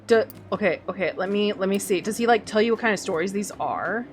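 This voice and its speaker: A woman's voice: medium pitch, fast talker, soft background music. A woman streaming a video game, chatting casually and thinking aloud as she plays. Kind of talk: let's-play commentary.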